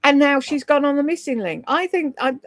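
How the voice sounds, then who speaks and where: Her voice high-pitched, animated and brisk, a woman hosts a casual gossip livestream, cursing freely, speaking bluntly and responding to viewers' comments by name. The recording is dry.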